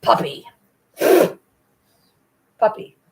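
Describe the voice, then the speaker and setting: A woman chatting casually on a livestream, rambling and cooing to her dogs between remarks, blunt and swearing now and then. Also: extremely slow. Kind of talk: casual chat during a livestream.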